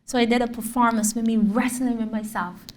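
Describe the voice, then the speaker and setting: A woman's voice: a little high, steady tone, a little fast, darkish tone. A Barbadian woman, likely in her thirties, giving a lecture as a guest artist, telling her story animatedly and acting out what people said. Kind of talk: public lecture. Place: lecture hall. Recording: roomy hall, distant mic, faint room noise.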